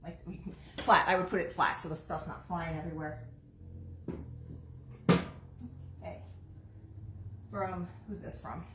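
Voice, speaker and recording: A woman's voice: fairly low pitch, fairly even intonation, fairly quick, background noise. A woman hosting a live online sale from an antique shop, chatting her way through items and prices. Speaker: antique shop host selling on a live stream. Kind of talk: live online sales pitch. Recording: roomy echo.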